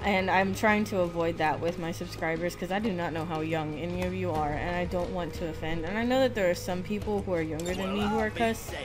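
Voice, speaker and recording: A woman's voice: fairly low pitch, fairly even intonation, fairly quick, hardly any pauses. Woman gamer w a slight lisp, chatty rambly commentary, game music going behind her. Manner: chatty, rambling, self-deprecating. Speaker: let's play gamer. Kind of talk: casual gameplay commentary.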